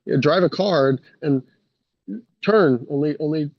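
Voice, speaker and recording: Slightly high male guest, muffled mic. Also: measured pace, no room sound. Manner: easygoing, hesitant fillers. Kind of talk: casual podcast chat. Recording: dull lo-fi dry mic.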